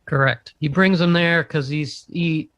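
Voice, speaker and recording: Male co-host, hesitant casual chat, um and uh, higher voice, dry. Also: fairly even intonation, a little slow, fairly bright tone, no echo, muffled recording. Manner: hesitant, many fillers. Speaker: podcast co-host, producer.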